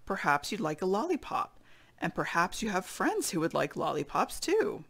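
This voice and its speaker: A woman reading a chapter book aloud to children, expressive, with chatty asides to her listeners. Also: lowish voice, moderate pace, vocal fry, husky. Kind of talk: read-aloud storytelling for kids.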